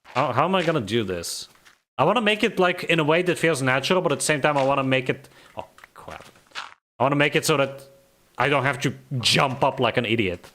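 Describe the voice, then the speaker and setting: A man's voice: medium pitch, lively intonation, fairly quick, pushed and bright. A man from the Balkans, streaming a game and chatting casually, grumbling and rambling as he laughs at himself.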